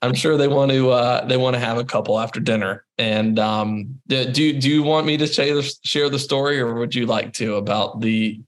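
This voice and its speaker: A man's voice: mid-range voice, normal speed, hardly any pauses. Laughing man telling a story. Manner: animated, laughing, repeats words while telling stories. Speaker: interview guest. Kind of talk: casual storytelling.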